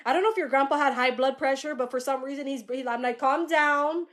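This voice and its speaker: A woman giving a live-streamed psychic reading in a casual, animated way, swearing and laughing often. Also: high-pitched, fast talker. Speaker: psychic medium.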